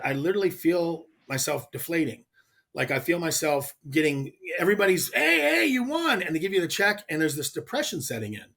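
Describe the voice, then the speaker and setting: A man's voice: fairly high pitch, a bit bright. A man who is a professional angler, a guest on the show, telling a personal story in an earnest, heartfelt way and often restarting his sentences when he gets emotional.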